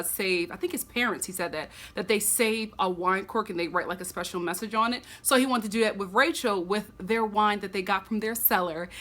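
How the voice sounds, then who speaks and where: A woman recapping a reality TV episode in a sassy, animated way, talking straight to her viewers. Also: mid-range voice. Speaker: TV recap vlogger.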